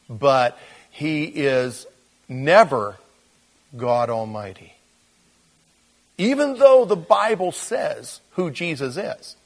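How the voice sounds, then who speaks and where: A man preaching a sermon as pastor, in a conversational way with fillers and restarts, moving between quiet intensity and animated emphasis. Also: mid-range voice.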